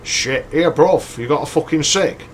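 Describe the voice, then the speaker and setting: A man's voice: fairly high pitch, moderate pace, a little hiss or hum, voice pushed up, natural voice. A man voicing a drunk, belligerent young man, slurring, swearing and cadging cigarettes.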